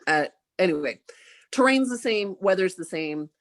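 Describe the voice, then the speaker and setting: A woman in her forties tells a story on a podcast with a lively, animated delivery. Her voice sits a little low, and she leaps upward when she acts out what others said. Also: normal speed. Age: 40s. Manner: animated, acts out quoted dialogue with big jumps in pitch. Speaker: podcast guest. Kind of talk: casual storytelling.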